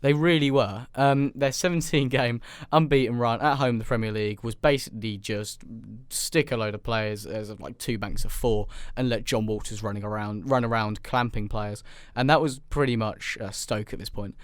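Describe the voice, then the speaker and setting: Podcast co-host, man, casual football chat, joking and rambling, smooth voice, dry sound. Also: medium pitch, fairly even intonation, normal speed, few pauses, no room sound. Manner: joking, rambling, with many fillers.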